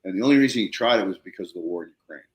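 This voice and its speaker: A man hosting a podcast, telling a story in casual conversation, excitable and swearing casually, acting out quotes in a raised voice. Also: deep voice, rapid-fire, reverberant. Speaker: podcast host.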